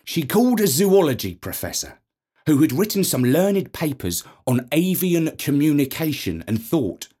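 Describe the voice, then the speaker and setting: A man narrating a storybook in an expressive, playful reading. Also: a little high, normal speed, breathy edge.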